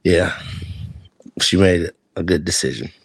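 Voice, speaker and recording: With a low, creaky voice and a breathy edge, this man co-hosts a podcast and speaks a little slowly. He's animated and laughs a lot as he casually tells a story, acting out quotes, with no echo in the sound.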